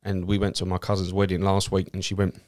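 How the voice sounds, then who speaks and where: A man's voice: low-pitched, fast talker. A man with an Essex accent, a cab driver and comedian, telling anecdotes in casual chat and swearing freely. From Essex, England. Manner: swears freely, acts out quoted people in a lively way.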